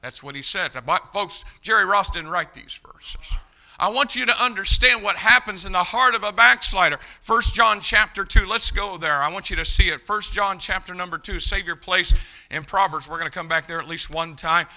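A man preaching a sermon to his church, shifting from quiet asides to loud, shouted emphasis. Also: high-pitched, normal speed. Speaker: pastor. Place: church sanctuary.

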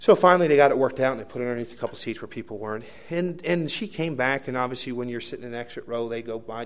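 A man preaching a sermon, telling a personal story with many fillers and restarts, moving between hushed asides and loud emphatic bursts. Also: mid-range voice, very fast, hardly any pauses. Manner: rambling anecdotal delivery with many fillers and restarts.

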